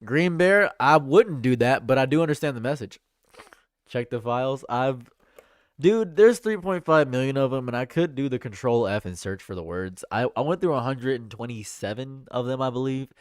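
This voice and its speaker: A man's voice: mid-range voice, moderate pace, dry recording, studio quality. A man streaming casual commentary, joking and chatting as he reads and answers his chat.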